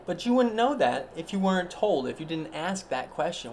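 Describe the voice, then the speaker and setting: A man's voice: a little high, big pitch swings, normal speed, a little hiss or hum. A man hosting a solo podcast, rambling in a meandering, self-interrupting, mock-grand way. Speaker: podcast host.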